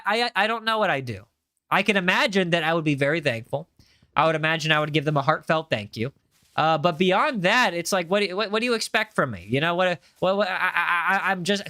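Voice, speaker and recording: A man live streaming, chatting casually with his viewers, animated and repeating himself as he banters with chat. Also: sits high, no echo.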